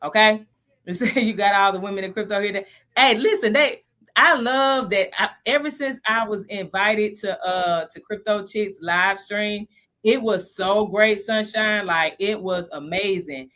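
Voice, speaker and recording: A woman in her thirties hosting a casual live stream about investing, chatty and animated, laughing often. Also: medium pitch, unhurried.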